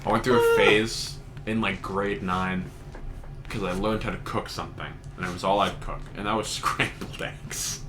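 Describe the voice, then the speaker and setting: A man's voice: low voice, steady tone, normal speed. Swearing young man rambling through stories. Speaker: podcast co-host. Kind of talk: casual podcast chat.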